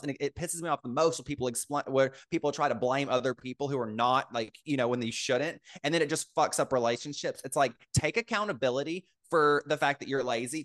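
A young man co-hosts a casual podcast at a middling pitch. He rambles, piles up fillers and restarts his sentences mid-thought. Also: fairly bright tone. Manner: rambling, filler-heavy, laughing. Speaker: podcast co-host.

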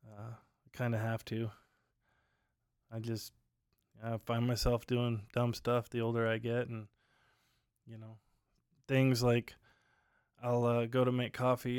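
With a smooth, darkish voice of medium pitch, a man chats casually on his own podcast at home at night, drifting through stories laden with fillers. The sound is studio quality with no room sound.

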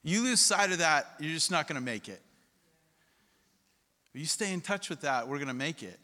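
Pastor preaching with bright, ringing tone. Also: male voice, on the high side, expressive, normal speed. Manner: storytelling, rising to emphatic repetition. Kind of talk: sermon. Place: church hall. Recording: long hall reverb.

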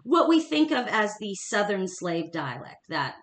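A woman's voice: medium pitch, very animated, a little slow, reverberant, a crowd in the background. A woman co-hosting a casual history podcast, talking emphatically and laughing often. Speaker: podcast co-host.

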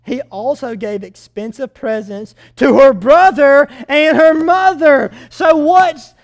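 A preacher teaching a Bible passage in a lively sermon, asking the listeners questions as it goes along. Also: sits high, takes it slowly. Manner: animated, asks the audience questions.

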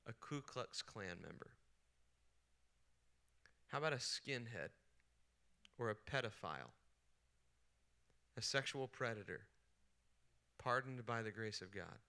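A male pastor delivers an animated sermon with a very bright, forceful tone and a smooth, crisp voice. He swings from hushed storytelling to heated bursts when he acts out the prophet's complaints. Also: on the low side, slow, pauses often. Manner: animated preaching, acting out the angry prophet's voice. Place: retreat session hall.

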